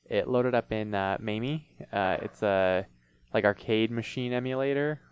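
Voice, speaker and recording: A man's voice: on the low side, moderate pace, clean tone. A man co-hosting a podcast in casual chat, musing aloud with lots of fillers. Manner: musing, uses many fillers. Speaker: podcast co-host.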